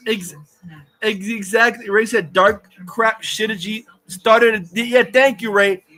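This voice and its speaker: A man's voice: high voice, bright, forceful tone. A man hosting a livestream, ranting angrily and profanely and reading chat comments aloud. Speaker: livestream host. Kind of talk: angry livestream rant.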